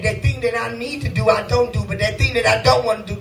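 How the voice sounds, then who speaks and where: A woman preaching a sermon with a rhythmic cadence, breaking into shouts and sung phrases. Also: on the high side, a little fast, vocal fry, roomy sound, far from the mic, faint music behind, poor audio.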